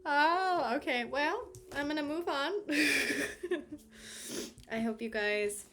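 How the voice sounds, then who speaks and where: A woman's voice: high voice, lively intonation, slow, fairly bright tone. Woman, tarot reader, bubbly, effusive, laughs a lot, casual chat, faint background hiss. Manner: bubbly, giggly and effusive, often swearing and laughing. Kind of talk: casual spoken tarot reading.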